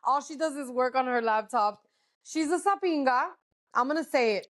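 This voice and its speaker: A woman with a high voice and lively intonation co-hosts a podcast, chatting casually and gossiping at normal speed. She swears a lot and slips Spanish words into her English.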